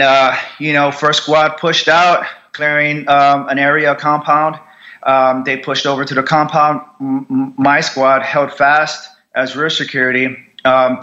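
A young man, a Marine veteran, telling his story bluntly in an interview, with heavy swearing and halting restarts. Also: mid-range voice, pushed and bright, lo-fi sound.

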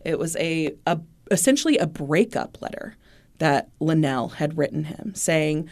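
A woman's voice: low-pitched, expressive, unhurried, a little mellow. A woman from the Midwest US, a podcast host, retelling a true-crime case in a chatty way and acting out the people in it. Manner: chatty retelling, acts out dialogue. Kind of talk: casual true-crime storytelling.

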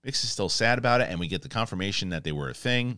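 A man hosting a casual review, retelling scenes in an animated way and acting out lines, with frequent restarts. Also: lowish voice, very fast, dry recording, studio quality. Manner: animated, acts out quotes, many restarts. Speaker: host.

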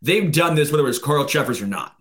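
A man's voice: fairly high pitch, expressive, a little fast, a bit bright. A man co-hosting a casual sports podcast, laid-back and joking, who pushes back in debate. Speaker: podcast co-host.

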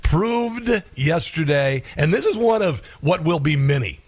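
A man's voice: on the high side, sing-song, measured pace, darkish tone, no room sound. A man hosting a talk radio show, delivering a combative, sarcastic monologue with frequent chuckles.

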